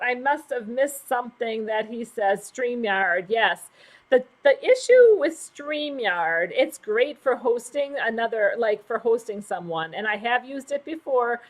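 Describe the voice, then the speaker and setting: A high-pitched woman hosts a casual livestream and reads out viewer comments. She gushes with emotion, laughs easily and keeps repeating words as she thanks her viewers. She sounds middle-aged and is from the United States. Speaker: livestream host.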